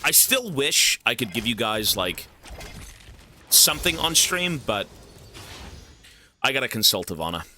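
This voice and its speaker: A young man rambles casually to his stream chat mid-game, cursing freely and joking. His voice is strikingly bright and sharp, and his pitch swings widely up and down. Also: sing-song, unhurried, long pauses, slight background noise. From Canada.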